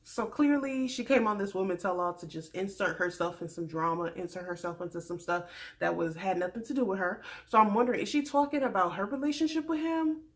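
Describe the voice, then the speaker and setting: A woman hosting a casual recap vlog, chatty and opinionated, speaking straight to her viewers and swinging from loud emphasis to quiet asides. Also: mid-range voice, brisk. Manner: chatty, addresses viewers as y'all. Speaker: reality TV recap vlogger.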